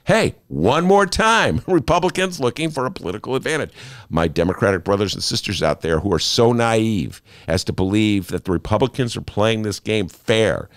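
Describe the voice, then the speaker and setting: A man hosting a casual political talk show from a studio, animated and sarcastic, often jumping into high mocking voices. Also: normal speed, dry recording. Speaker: host. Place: radio studio.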